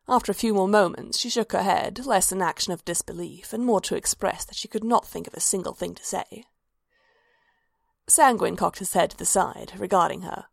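A woman narrating a fan fiction story aloud in an even, measured way. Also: on the low side, vocal fry, no echo, studio quality.

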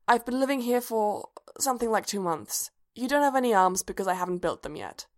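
A woman's voice: on the high side, animated, brisk, natural voice. A woman reading a story aloud, voicing a frightened young man who screams in a nightmare. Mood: shaken.

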